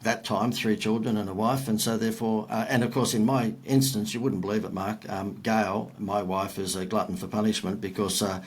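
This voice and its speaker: Husky older Australian man telling stories. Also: fairly low pitch, steady tone, fairly quick, hardly any pauses. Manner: self-deprecating, rambling anecdotes. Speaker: guest. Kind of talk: podcast storytelling.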